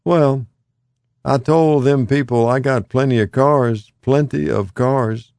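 A man's voice: medium pitch, a little slow, darkish tone, no room sound, voice pushed up, lightly acted. A man reading aloud voices a frail, confused older man who repeats himself emphatically in folksy speech and turns fearful and pleading. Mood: emphatic.

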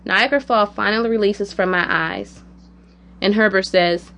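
A woman narrating a personal story in the first person, in a quiet, measured, reflective way. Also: medium pitch, gravelly.

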